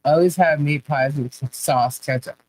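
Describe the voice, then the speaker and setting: A woman's voice: sits low, moderate pace, darkish tone, low-quality recording. A woman hosting a casual live chat, laughing often and asking puzzled questions as she reads viewer comments. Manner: laughs often, baffled questions, repeats herself.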